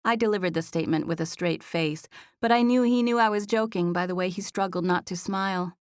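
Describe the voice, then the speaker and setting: A woman narrating a first-person romance audiobook in an even storytelling voice, recorded in a studio. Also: on the low side, brisk, hardly any pauses, clear, resonant tone, no room sound.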